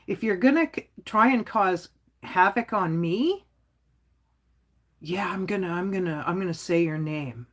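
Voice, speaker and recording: A woman's voice: lowish voice, animated, unhurried. A woman hosting her own livestream, talking casually and bluntly, rambling with lots of "like" and chuckling as she goes. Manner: outspoken, rambling, frequent "like". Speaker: livestream host.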